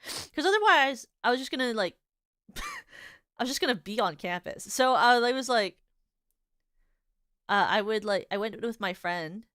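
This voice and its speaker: A woman's voice: fairly high pitch, a little slow, pauses often, dry recording, studio quality. A young woman streamer chatting casually, rambling with many filler words and restarts, and laughing as she tells stories. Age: young adult. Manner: animated, giggly storytelling. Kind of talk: casual chat.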